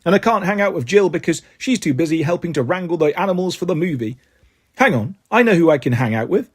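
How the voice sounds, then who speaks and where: A man reading a children's book aloud in an animated way, jumping to higher voices for the characters. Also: quick pace, breathy edge. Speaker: storybook reader.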